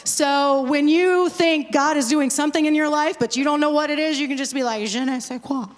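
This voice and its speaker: A woman's voice: sits high, brisk. A woman pastor in her forties talking casually to a crowd, joking and rambling with asides. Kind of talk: casual talk to a conference crowd. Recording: long hall reverb.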